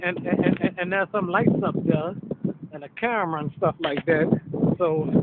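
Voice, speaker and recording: A man giving a rambling walking tour of a park sports field, out of breath and repeating himself. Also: high-pitched. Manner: rambling, repeats words, many fillers. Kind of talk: casual walking vlog narration. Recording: tinny lo-fi phone-like audio with loud noise.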